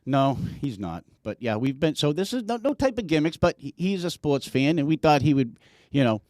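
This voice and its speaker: Lively foul-mouthed podcast host, man. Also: fairly high pitch, brisk, no echo, clean studio sound. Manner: swearing, storytelling, ribbing. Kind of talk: casual crude sports podcast banter.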